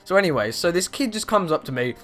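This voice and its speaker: A man's voice: sits high, quick pace, soft background music. A teenage boy vlogging, telling rambling stories with lots of fillers. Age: teens. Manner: rambling, animated, lots of "you know" fillers. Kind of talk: casual storytelling vlog.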